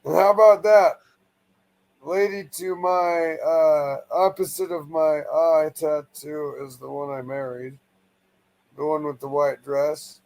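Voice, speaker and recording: A man's voice: a little high, steady tone, slow pace, a little mellow, rough recording. A man from the United States, a guest on a stream, talking in a profane, rambling and blunt way. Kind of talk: casual stream chat.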